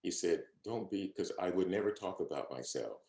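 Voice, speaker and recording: A man's voice: low voice, lively intonation, brisk, vocal fry, a little mellow, reverberant. An older man, an opera singer, earnestly and humbly reminiscing about his career in an oral history interview. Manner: reminiscing, earnest, humble, repeats quoted speech. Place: at home, on a video call.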